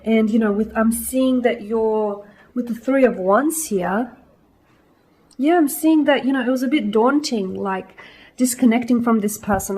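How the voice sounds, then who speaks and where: A woman with a mid-range voice gives a casual tarot reading to her viewers, reassuring them and repeating "I feel like" and "I'm seeing" about the cards. She's a tarot reader, and the rough recording has slight background noise.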